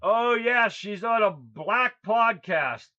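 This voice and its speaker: A man's voice: high voice, animated, slow pace, bright, forceful tone. A man hosting a political livestream, talking in a blunt, crude, rambling way. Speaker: host. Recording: dull lo-fi sound.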